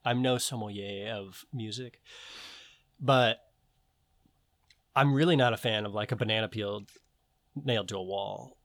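A man with a lower voice chats casually and eagerly, voicing firm opinions. The recording is dry and close, with no reverb. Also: measured pace, long pauses, fairly bright tone. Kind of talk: casual chat.

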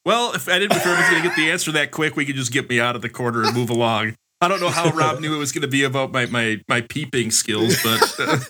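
A man's voice: mid-range voice, fast, hardly any pauses, pushed and bright, a little hiss or hum. A man co-hosting a podcast in casual chat, a rambling storyteller with a wry, self-mocking manner. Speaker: podcast co-host.

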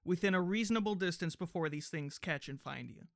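A woman's voice: lowish voice, a little fast, dry recording, studio quality. A woman joking goofily with wordplay in a casual comedic chat over a video call. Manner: goofy, wordplay, bursts into silly voices.

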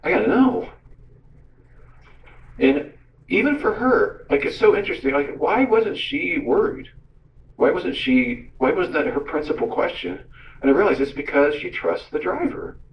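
A man's voice: fairly high pitch, moderate pace. A man who works as a radio host gives a teaching talk, telling stories and acting out the voices in his quotes. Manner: storytelling, animated, acts out quotes. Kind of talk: sermon-style teaching talk. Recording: roomy, distant, dull sound.

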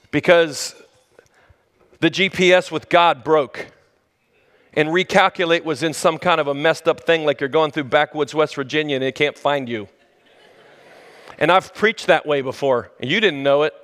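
High-voiced preacher in a reverberant hall. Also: male voice, moderate pace, pauses often. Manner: dramatic swings between loud high exclamations and low hushed lines; conversational, addresses the listeners directly. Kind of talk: sermon. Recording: long reverb of a large hall.

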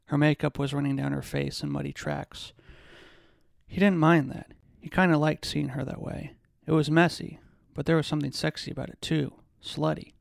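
A podcast host reads a passage from a novel in a measured way, now and then stumbling and restarting a word. His voice is gravelly with heavy fry and sits a little high. The recording is dry and close. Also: level tone, dry recording. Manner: measured reading with occasional restarts. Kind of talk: reading a novel excerpt aloud.

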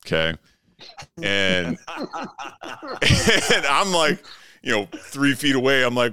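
A man's voice: lowish voice, animated, unhurried, long pauses, bright, forceful tone, clean tone, no echo. A man co-hosting a casual podcast, telling a rambling, profane bar story with plenty of laughs. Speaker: podcast co-host.

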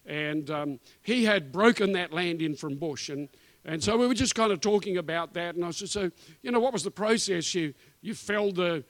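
A man preaching a sermon in a church, his voice sitting high for a man. He builds points in emphatic, repeated phrases and drops into casual asides. The sound is close and dry, with little room around it. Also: lively intonation, normal speed, dry recording. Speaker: guest preacher.

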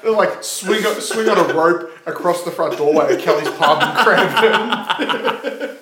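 A man's voice: high-pitched, expressive, unhurried, bright, forceful tone. An Australian man co-hosting a podcast, rambling and laughing through casual banter, mocking himself. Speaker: podcast co-host. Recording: echoey room with faint noise.

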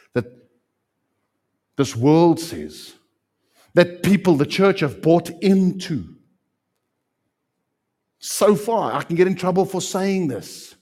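A man preaching a sermon as pastor, animated and repeating phrases for emphasis. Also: fairly high pitch, slightly rough.

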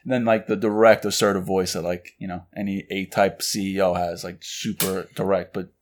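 Low-voiced casual man, filler-heavy chat. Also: a little fast, slight background noise. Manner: relaxed, filler-heavy, acts out quoted lines. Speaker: podcast co-host. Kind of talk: casual chat about books.

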